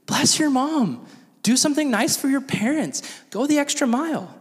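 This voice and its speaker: A man's voice: extremely high pitch, lively intonation, moderate pace, long reverb tail. A young man giving a youth sermon, telling stories with lots of acted-out quotes and filler "like"s. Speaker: youth pastor.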